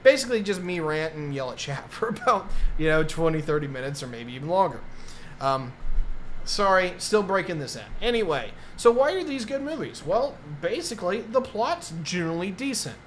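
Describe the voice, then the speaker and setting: A man's voice: high-pitched, very animated, moderate pace, slight background noise. A man rambling through a casual live-stream review, with many fillers and restarts.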